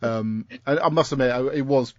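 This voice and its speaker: A man's voice: medium pitch, normal speed, no room sound. A man hosting a podcast at home, recapping an episode in a rambling, jokey way with lots of fillers. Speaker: podcast host. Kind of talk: casual chat recapping an episode. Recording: dull lo-fi dry sound.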